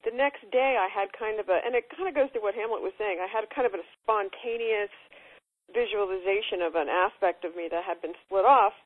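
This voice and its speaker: A woman's voice: mid-range voice, a little fast, no room sound. A woman phones in to a conversation program. She talks earnestly, stumbling and restarting as she searches for words. Her voice reaches us through a narrow, tinny telephone line with no room sound around it. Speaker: caller. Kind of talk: call-in conversation and reading aloud.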